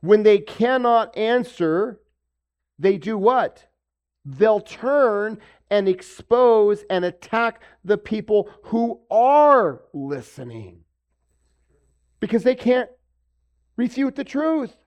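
A man's voice: sits high, lively intonation, slow, darkish tone, clean tone. A man preaching a sermon, asking rhetorical questions and acting out the voices of the people he quotes. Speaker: pastor.

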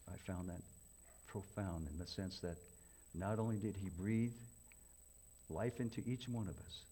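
A man preaching a folksy sermon, swinging from loud emphatic questions to hushed, near-whispered lines. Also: on the low side, husky. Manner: folksy, repetitive, addresses congregation as folks.

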